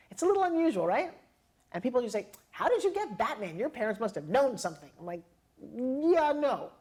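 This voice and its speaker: Middle-aged lady telling stories to a crowd, lively, does all the voices with little laughs. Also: a little high, husky. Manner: lively, acts out quoted dialogue with laughs. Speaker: motivational speaker. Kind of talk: personal storytelling to an audience.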